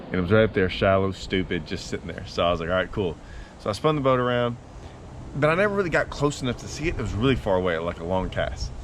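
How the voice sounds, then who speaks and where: A man's voice: fairly low pitch, animated, quick pace, a little hiss or hum. A man, a fishing vlogger telling a long, rambling story in casual talk to the camera.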